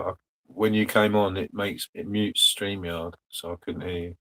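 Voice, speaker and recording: Deep-voiced man rambling on a livestream. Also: little pitch movement, normal speed, a bit bright, low-quality recording. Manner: rambling, dry, talking to the chat. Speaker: host. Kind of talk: casual livestream chat.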